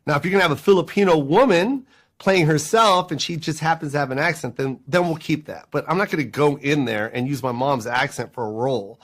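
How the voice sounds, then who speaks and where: A middle-aged man, a guest in a casual interview, telling stories in an animated, quick way and laughing often. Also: fairly high pitch. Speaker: interview guest, comedian and filmmaker.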